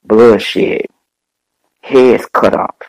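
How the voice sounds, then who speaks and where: A man preaching a fervent sermon as bishop and podcast host, repeating his phrases in slow, drawn-out, dramatic delivery. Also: on the low side, fairly even intonation, no echo, low-quality recording.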